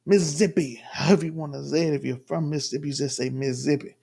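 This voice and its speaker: A man's voice: fairly high pitch, fast talker, vocal fry, dark tone, breathy edge. A man from the Southern US giving rambling, emphatic casual commentary while reacting to a clip at home. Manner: rambling, emphatic, restarts often. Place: home room.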